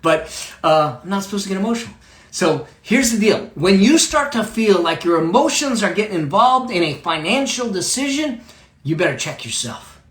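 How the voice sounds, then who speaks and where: Man, motivational speaker, lively swooping delivery, echoey room. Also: sits high, normal speed. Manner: emphatic, repeats key phrases, frequent "okay?". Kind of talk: live-streamed motivational talk.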